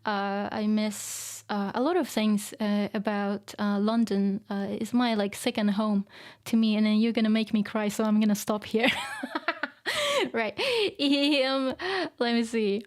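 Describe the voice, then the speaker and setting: A woman's voice: medium pitch, level tone, a little slow, darkish tone, clean tone. A woman whose first language is Japanese, chatting casually on a live stream, reading out viewer comments, laughing often and using many fillers.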